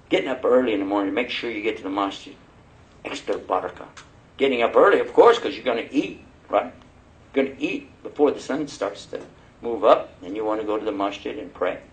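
A man preaching a sermon, telling personal stories in a lively way and laughing as he goes. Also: on the low side, vocal fry, poor audio. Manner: animated, laughing storyteller. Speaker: Muslim preacher.

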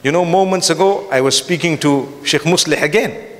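A man's voice: on the high side, moderate pace, big-room sound. A man preaching a lecture to a live audience, emphatic, with rhetorical questions and repetition. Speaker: Islamic preacher. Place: large hall before an audience.

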